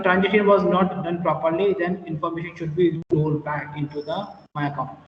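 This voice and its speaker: High-voiced man lecturing in echoey room. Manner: explains slowly with repetitions and fillers. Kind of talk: classroom lecture. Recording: echoey room, distant mic, muffled.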